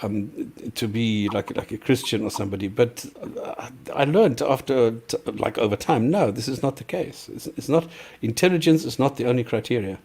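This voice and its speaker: A man's voice: mid-range voice, normal speed, vocal fry, hardly any pauses, a little mellow, breathy edge. A man co-hosting a live discussion, thinking aloud in a reflective, hesitant way. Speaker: co-host. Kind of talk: casual live-stream discussion.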